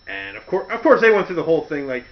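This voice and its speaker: Guy host telling stories, lots of pitch swings, dull lo-fi sound. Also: fast talker. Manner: animated, laughing, full of impressions. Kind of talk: casual comedic storytelling. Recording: dull lo-fi recording.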